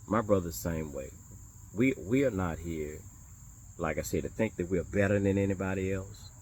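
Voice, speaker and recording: A minister talking casually to viewers about his beliefs, animated and blunt, repeating phrases for emphasis and throwing in curses and rhetorical challenges. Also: sits low, normal speed, slight background noise. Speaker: minister of a small congregation. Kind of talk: casual religious talk to viewers.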